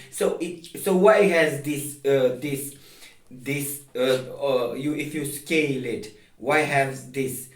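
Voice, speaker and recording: Insistent man talking from across a roomy space. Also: medium pitch. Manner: repetitive, restarts often, insistent. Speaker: video host. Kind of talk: casual explaining to camera. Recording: roomy echo, distant from mic.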